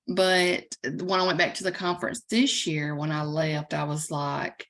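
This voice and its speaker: A woman's voice: deep voice, a little slow, hardly any pauses. Chatty Southern woman telling a story. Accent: Southern US (Alabama). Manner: chatty, animated storytelling with laughs. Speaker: coauthor and preacher. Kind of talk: casual chat on a video call.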